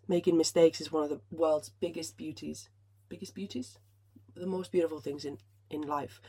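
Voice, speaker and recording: Emotional woman, husky voice. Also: deep voice, warm tone. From Finland. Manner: emotional, swears freely, many restarts. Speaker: podcast host. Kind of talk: casual solo podcast talk.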